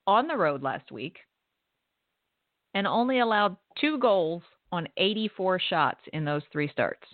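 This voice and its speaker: Co-hosting a hockey radio show, a woman with a mid-range voice reads a scripted sponsor spot and delivers league news, tossing in dry, sardonic asides. The podcast audio is dry and tinny, like a phone line.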